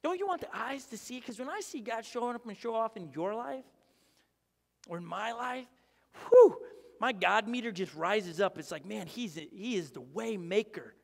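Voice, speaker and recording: High-voiced preacher in a big echoing hall. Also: male voice, normal speed, vocal fry. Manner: animated, acts out prayers and quotes in voices. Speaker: pastor. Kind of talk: sermon. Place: church auditorium.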